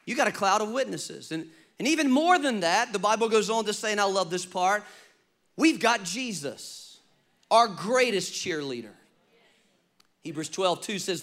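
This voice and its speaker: A man about to turn fifty, preaching a lively, humorous sermon and calling on the congregation to respond. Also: sits high. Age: 40s. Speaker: pastor.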